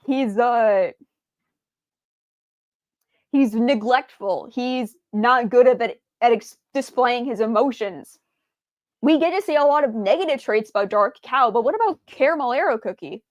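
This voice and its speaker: A woman's voice: a little high, animated, measured pace, no room sound. A woman streamer chatting casually, rambling with many fillers and restarts, stumbling over her words and answering viewers' chat.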